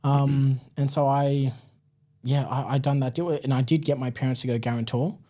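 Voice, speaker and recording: Australian male guest, relaxed chatty storyteller, warm mellow tone, mid pitch. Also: moderate pace. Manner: relaxed, chatty, many fillers like "man" and "like". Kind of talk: casual interview storytelling.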